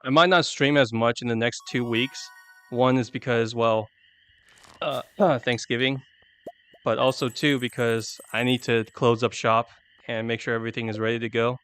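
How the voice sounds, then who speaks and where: A man with a clear, resonant, fairly bright mid-range voice chats at normal speed and a steady tone as he streams a video game. He rambles and jokes self-deprecatingly to viewers through a desk microphone, with faint music behind him.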